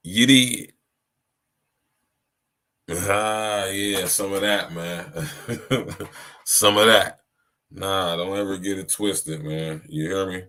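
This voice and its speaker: Deep-voiced man preaching on a podcast. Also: a bit bright. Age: 30s. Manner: preachy, repeats "you hear me" and "man". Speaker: podcast host. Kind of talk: casual live-stream monologue.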